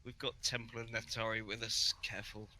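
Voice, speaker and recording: A man playing a tabletop game over a voice call, careful and deliberate. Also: fairly low pitch, little pitch movement, pushed and bright, a little hiss or hum. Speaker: player.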